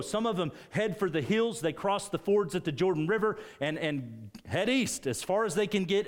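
A man preaching a sermon, retelling a scripture story with animated emphasis. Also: a little high.

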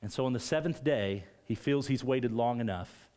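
A man preaching a sermon, retelling a scripture story with animated emphasis. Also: medium pitch, moderate pace.

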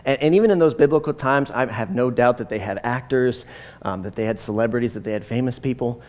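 A man's voice: mid-range voice, fast talker, a little mellow. A man in his forties preaching a sermon in a conversational, rambling way, with many fillers and side stories. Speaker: pastor.

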